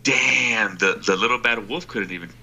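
A man in casual chat with a friend, joking and swearing in quick banter. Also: medium pitch, pushed and bright. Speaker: friend in conversation.

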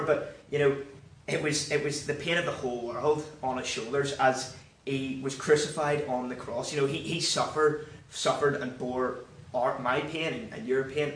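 A man's voice: medium pitch, a bit bright. A young man preaches an informal sermon, stumbling through restarts and constant filler phrases in an earnest, encouraging way. His voice rings around a roomy hall from some distance off the mic. A faint hum of background noise sits underneath. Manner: halting, full of 'you know' fillers and restarts. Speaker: church speaker.

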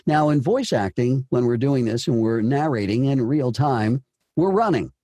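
A man's voice: mid-range voice, expressive, moderate pace, warm tone, no room sound. A man coaching voice actors, talking emphatically and often repeating and restarting his phrases. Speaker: voice acting coach. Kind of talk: coaching session.

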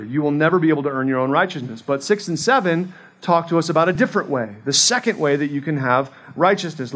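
A man in his forties with a notably high voice preaches a sermon in a conversational way. He is earnest and often restarts his phrases mid-sentence, as if working through them aloud. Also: a bit bright. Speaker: pastor.

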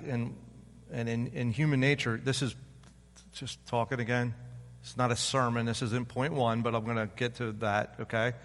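A man's voice: medium pitch, fairly bright tone, in a large hall. A man in his fifties, a pastor preaching an informal, conversational sermon and acting out other people's voices. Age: 50s. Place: church sanctuary.

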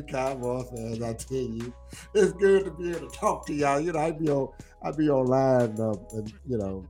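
A man's voice: mid-range voice, a little mellow. A middle-aged man, teasing his viewers in boisterous, laughing trash talk on a live stream. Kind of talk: casual live-stream banter.

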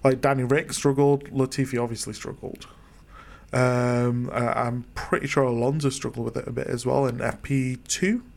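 A man hosting a casual chat podcast, chatty and quick to laugh as he keeps the talk moving. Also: medium pitch, fairly even intonation, gravelly, darkish tone. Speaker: podcast host.

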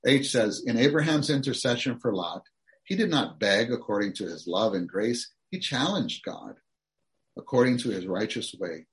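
A man's voice: medium pitch, lively intonation, moderate pace. Earnest male preacher reading sermon notes. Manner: reads outline points aloud, then expounds earnestly to the congregation.

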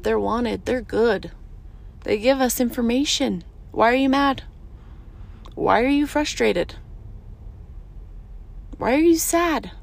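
A woman's voice: a little high, vocal fry, a little mellow. A woman in her thirties hosting a casual monologue, earnest and emphatic, repeating short phrases. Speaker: podcast host.

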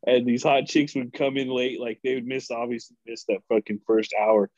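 A man's voice: medium pitch, normal speed, no echo, dull audio. A man telling stories from an old retail job on a podcast, acting out the people in them and swearing freely. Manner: animated storyteller, acts out voices, swears freely. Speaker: guest telling work stories. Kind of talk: casual podcast storytelling.

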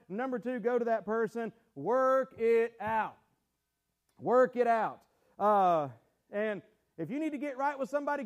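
A man preaching a sermon as pastor, telling folksy stories and acting out the voices of the people in them. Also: extremely high pitch. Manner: folksy storytelling, acts out quoted voices.

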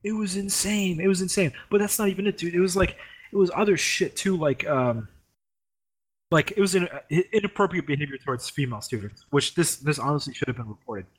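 A young man casually telling a story, animated, swearing freely and acting out the people in it. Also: high voice, brisk. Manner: animated, swears a lot, mimics the professor in raised voice. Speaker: former grad student telling a story.

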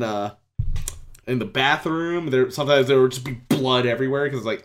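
A young man in casual chat, rambling through stories with swearing and quick asides. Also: mid-range voice, soft background music.

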